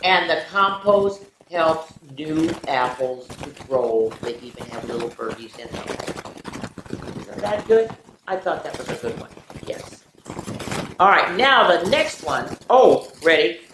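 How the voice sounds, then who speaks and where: An older woman, a retired teacher, reading picture books aloud to children in an animated way, with playful sound effects and chatty asides. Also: deep voice, a little slow. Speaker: children's story reader. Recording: echoey room with faint noise.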